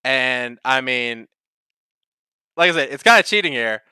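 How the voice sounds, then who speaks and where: A young man co-hosting a casual podcast chat, animated and swearing, breaking into excited mock voices. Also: mid-range voice, unhurried, smooth, no room sound, studio quality. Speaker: podcast co-host.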